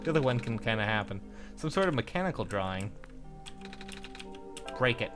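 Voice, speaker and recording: A young man playing a video game with friends, reading its text aloud in halting starts and joking around. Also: medium pitch, sing-song. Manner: reads on-screen text in halting starts, playful. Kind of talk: casual lets-play commentary with joking character voices. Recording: faint game music behind.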